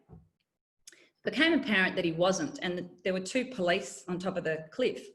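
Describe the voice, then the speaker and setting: Middle-aged aussie woman, lowish voice, candid and wry, telling her own story. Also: a bit bright. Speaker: guest, former journalist. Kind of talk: personal storytelling in interview.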